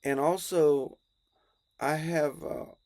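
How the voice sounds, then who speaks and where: A man's voice: fairly high pitch, fairly even intonation, slow, darkish tone, no room sound. A man voicing a friendly woman in white armor who makes hesitant, easygoing offers in a comic story. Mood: shyly inviting. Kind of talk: comic story told aloud.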